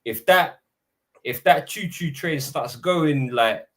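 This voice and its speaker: A man talking about football in a casual podcast chat, lively and full of slang, acting out his own reactions. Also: fairly high pitch, slow. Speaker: podcast panelist.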